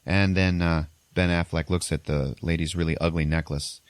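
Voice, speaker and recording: Casting: low-voiced male podcast host, rambling casual recap, dry close sound. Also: steady tone, moderate pace, clear, resonant tone, no echo. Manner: rambling, filler-heavy retelling. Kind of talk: casual chat, recapping a movie.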